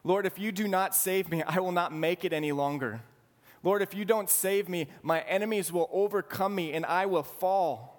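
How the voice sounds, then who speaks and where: A man's voice: high-pitched, moderate pace, pitched above the performer's own voice, lightly acted. A man voicing a desperate psalmist who cries out to God in an impassioned plea. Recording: long hall reverb.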